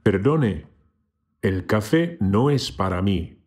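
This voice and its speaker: A man giving a scripted language lesson who slowly and carefully demonstrates how to pronounce each word. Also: fairly low pitch, lively intonation, darkish tone. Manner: slow, careful demonstration of pronunciation. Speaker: language teacher.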